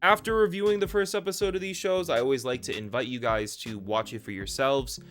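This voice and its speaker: A man's voice: medium pitch, fairly even intonation, brisk, fairly bright tone, faint music behind. A man narrating a casual review video, rambling and correcting himself with offhand asides.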